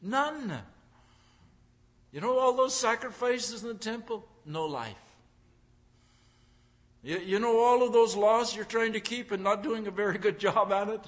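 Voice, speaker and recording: A man's voice: high-pitched, normal speed. A man preaching a sermon, driving his points home through repeated phrases and acting out the voices of the crowd. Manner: acts out crowd voices in quotes.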